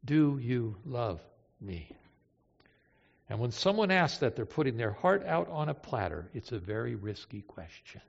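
A man's voice: mid-range voice, very animated, brisk, creaky, few pauses. Impassioned preacher man in an echoing hall. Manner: emotive, swings from hushed to impassioned. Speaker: pastor. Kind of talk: sermon. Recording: reverberant hall, dull lo-fi sound.

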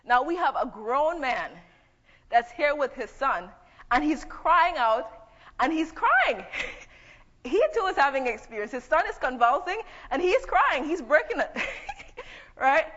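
A woman's voice: high-pitched, sing-song, measured pace, long pauses, fairly bright tone. A woman preaching a sermon, teaching conversationally and reading scripture aloud. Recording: dull echoey hall.

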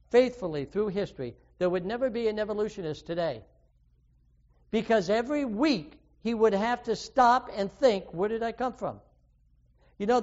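Man, high-pitched, preacher, sermon, earnest, questioning, muffled lo-fi sound. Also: darkish tone. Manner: earnest, questioning, with sudden emphatic rises. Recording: dull lo-fi recording.

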